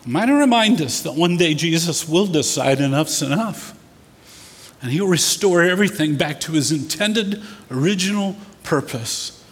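Pastor guy preaching, kinda husky voice, lots of hall echo, gets loud and emphatic. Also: a little high, animated, normal speed. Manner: preaching with rising emphatic bursts, acts out scenes. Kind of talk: sermon. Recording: echoey hall with long reverb.

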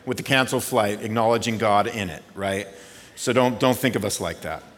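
A man preaching a sermon as pastor, conversational, moving between hushed reflection and excited storytelling. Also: lowish voice, fairly quick. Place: church sanctuary. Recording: reverberant hall.

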